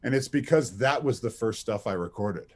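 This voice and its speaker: A man in his thirties, a voice actor being interviewed, who tells anecdotes in a lively, laughing, casual way. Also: medium pitch, moderate pace. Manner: animated, anecdotal, laughs often, many restarts. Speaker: voice actor guest.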